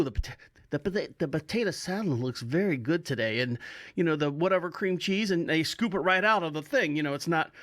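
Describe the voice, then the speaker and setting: A man's voice: sits high, fairly bright tone, no room sound, studio quality. A man with a Florida accent hosting a podcast in a chatty, upbeat way, rambling through asides and chuckling as he goes. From Orlando, Florida. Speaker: podcast host. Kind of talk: casual solo podcast chat.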